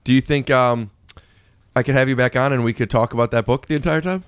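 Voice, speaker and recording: A man's voice: mid-range voice, quick pace, clean tone, dry recording, studio quality. A young man from Ohio hosting a podcast, playful and teasing, joking with his guest. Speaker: podcast host. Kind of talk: casual podcast conversation. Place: podcast studio.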